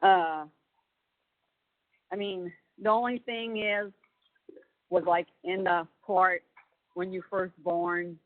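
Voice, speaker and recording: A woman with a lowish voice talks slowly and rambles through a retelling, full of "uh" and "you know" and restarts. The sound is a dry, tinny prison phone line. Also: fairly even intonation, dry recording. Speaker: family member on a prison phone call. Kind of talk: casual phone chat.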